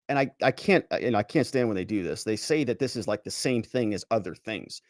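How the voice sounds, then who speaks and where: Man, legal commentary host, lively swinging pitch, sarcastic, dry close sound. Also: a little fast, hardly any pauses, dry recording. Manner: animated and sarcastic, mocks quoted officials in pompous voices. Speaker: lawyer commentator, show host. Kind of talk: solo legal commentary, reading a letter aloud.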